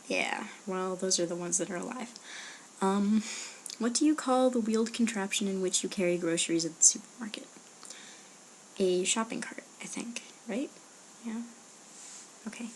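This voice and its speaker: A woman's voice: fairly low pitch, slight background noise. A young woman answering a list of questions in a casual, rambling audio post, with hesitant fillers and murmured asides. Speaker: blogger answering a question meme.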